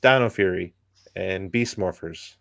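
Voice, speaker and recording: Low-voiced man giving a rambling critique. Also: unhurried, creaky, fairly bright tone, no room sound, clean studio sound. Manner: rambling, many ums and likes; opinionated critique. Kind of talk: casual chat.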